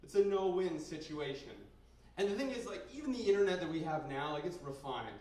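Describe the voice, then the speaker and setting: Young canadian guy doing raunchy standup in a bar basement, kinda high voice, super echoey, sounds far off. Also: expressive, a little fast. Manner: brash, crude, rambling storytelling with sudden loud outbursts. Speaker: stand-up comedian. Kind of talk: stand-up comedy set. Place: basement bar comedy night. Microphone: handheld stage mic recorded by a camera in the room. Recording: very echoey basement room, heard from a distance.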